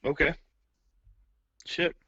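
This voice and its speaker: A man's voice: very slow, bright, forceful tone, dry recording. Sarcastic man calling in by phone. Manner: wry, sarcastic, profane. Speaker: caller on the show. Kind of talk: casual crude banter. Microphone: phone line. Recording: muffled phone-line audio.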